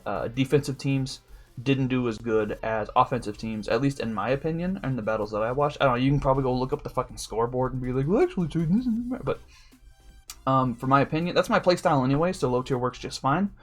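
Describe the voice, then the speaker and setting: A man's voice: mid-range voice, quick pace, soft background music. Loose, profane man talking off the cuff. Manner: loose and profane, with frequent fillers. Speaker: competitive Pokemon league coach. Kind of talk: casual unscripted team rundown.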